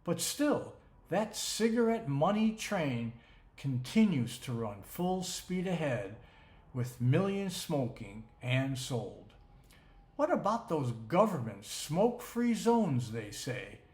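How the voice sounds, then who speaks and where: A man's voice: fairly high pitch, very animated, slow, darkish tone. A man giving an emphatic, rhetorical scripted narration. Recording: roomy echo.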